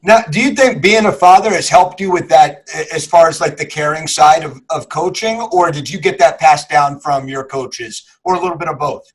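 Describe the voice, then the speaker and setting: Husky, higher-voiced male podcast host. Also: moderate pace, hardly any pauses, low-quality recording. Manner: asks long, hedged questions with restarts. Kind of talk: interview questions.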